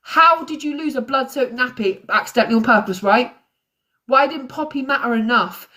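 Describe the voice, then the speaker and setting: A woman's voice: high-pitched, moderate pace, sharp tone. Angry woman ranting on a livestream. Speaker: true crime host. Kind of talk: live-stream commentary.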